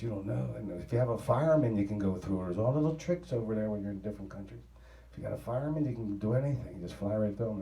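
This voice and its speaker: A man's voice: lowish voice, mellow, echoey room, distant mic, rough recording. A man, rambling through a profane travel story in a casual, offhand way. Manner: profane, rambling, laughing at his own story.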